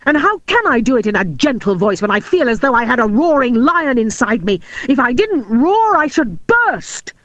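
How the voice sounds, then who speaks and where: Hot-headed shouting boy, woman reader, high and loud. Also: big pitch swings, normal speed, hardly any pauses, no room sound. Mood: indignant. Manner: shouting, exploding with temper. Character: hot-tempered jealous young boy.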